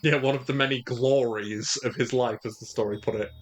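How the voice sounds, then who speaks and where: A man's voice: medium pitch, fairly even intonation, brisk, soft background music. A man chatting casually with friends, adding dry, mocking remarks about a story. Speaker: co-host. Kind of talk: casual banter.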